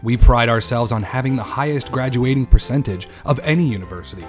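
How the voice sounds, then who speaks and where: A man's voice: mid-range voice, quick pace, natural voice. A man voicing an eager customer and announcer in a mock radio commercial, with an earnest, salesy delivery over a faint music bed. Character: eager male customer and announcer in a spoof degree ad.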